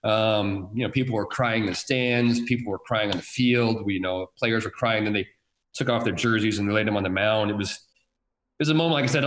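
A man who works as a TV sports director tells a story in a casual, halting and reflective way. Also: lowish voice, fairly bright tone. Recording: roomy echo.

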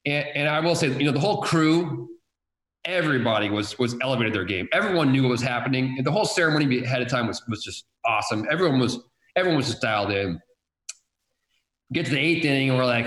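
Halting, reflective man in a roomy space. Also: mid-range voice, lively intonation, fairly bright tone. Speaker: TV sports director. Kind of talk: casual storytelling. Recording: roomy echo.

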